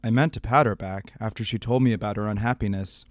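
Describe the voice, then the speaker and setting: A man doing an impression of an older male radio storyteller, reading in a low, slow, deadpan way very close to the microphone. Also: no echo, close to an everyday voice.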